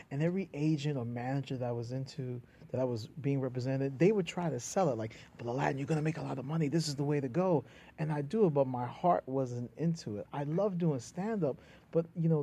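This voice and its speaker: A middle-aged man with a New York accent, a comedian and playwright chatting as a guest in an animated, storytelling way. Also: mid-range voice, breathy edge. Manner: animated storyteller, drops into quoted voices and laughs. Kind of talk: casual conversation.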